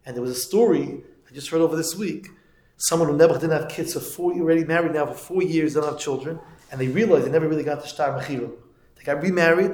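Man, high voice, lecturing students, storytelling turning to fervent preaching, Yiddish and Hebrew terms throughout, echoey room. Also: a little mellow. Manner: storytelling, rising to emphatic moral preaching. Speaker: teacher of yeshiva students.

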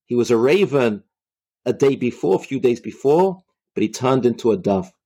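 A man retelling a religious story in a halting way, often repeating himself. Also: medium pitch, expressive, mellow, slightly rough.

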